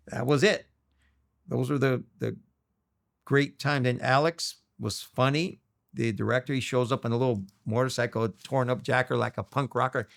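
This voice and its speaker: A middle-aged Los Angeles native, interviewed as a guest, tells stories with animation and acts out quoted voices. He speaks at a moderate pace in a gravelly, medium-pitched voice.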